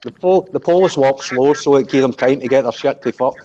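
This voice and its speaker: A man's voice: medium pitch, brisk, lo-fi sound, noisy background. A Scottish man with a Glaswegian accent, chatting casually and telling sweary, jokey stories. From Scotland. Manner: sweary, jokey storytelling with laughs. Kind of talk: casual group chat.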